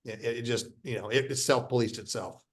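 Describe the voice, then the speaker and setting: A man's voice: medium pitch, fairly quick. Blunt middle-aged businessman guest. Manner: emphatic, blunt, repeats points and restarts often; acts out quoted dialogue in his stories. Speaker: guest, company founder. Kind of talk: casual interview talk.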